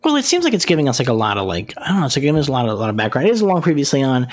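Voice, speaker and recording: A man's voice: mid-range voice, huge pitch swings, racing. Male podcast co-host, casual recap delivery, loose and filler-heavy. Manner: rambling, many fillers and restarts.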